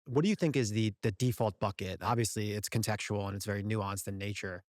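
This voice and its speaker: A man's voice: fairly low pitch, brisk, dry recording, studio quality. A man hosting an interview podcast, chatting casually and asking eager follow-up questions. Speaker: podcast host.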